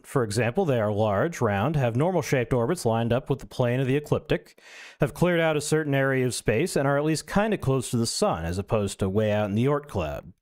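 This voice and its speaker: A man's voice: medium pitch, a little mellow. A male streamer reading an essay aloud, breaking in with wry, self-mocking asides.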